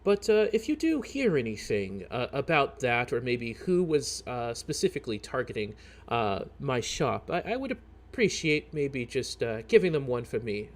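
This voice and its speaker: A man's voice: mid-range voice, big pitch swings, close to an everyday voice. A man voicing a hesitant, courteous shopkeeper. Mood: worried. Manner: hesitant, halting, overly courteous. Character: worried middle-aged male shopkeeper, polite and hesitant.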